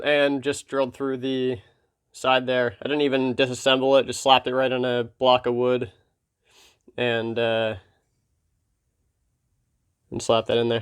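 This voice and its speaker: A man from Pennsylvania hosts his knife vlog in a relaxed, wry way, scattering ums as he goes. His mid-pitched voice is smooth underneath, though slightly froggy and hoarse today. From Pennsylvania, USA. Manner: laid-back and wry, with filler ums. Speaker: knife channel host. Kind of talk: casual hobby vlog talk.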